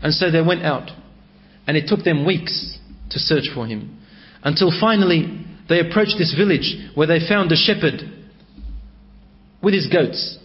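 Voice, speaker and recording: Male religious storyteller, dramatic and emotive, high voice, dull lo-fi recording. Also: animated, unhurried. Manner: dramatic, emotive, with Arabic phrases.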